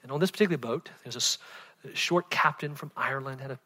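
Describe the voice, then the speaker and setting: A man in his forties preaching a sermon in a chatty, storytelling way, often asking "right?" and laughing, swinging between loud excited bursts and hushed moments. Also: medium pitch, fast. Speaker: pastor.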